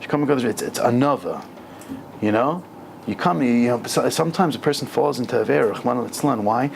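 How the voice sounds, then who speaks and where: A man's voice: mid-range voice, lively intonation, quick pace, gravelly, slight background noise. A man teaching an informal Torah class, talking casually and animatedly with slang and Hebrew terms mixed in. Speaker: rabbi teaching a weekly class. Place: synagogue lower-level room.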